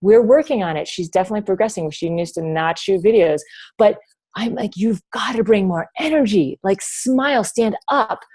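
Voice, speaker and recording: A woman's voice: mid-range voice, moderate pace, darkish tone, breathy edge. A woman coaching her team over a video call from home, chatty and rambling with many restarts. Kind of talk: motivational team talk.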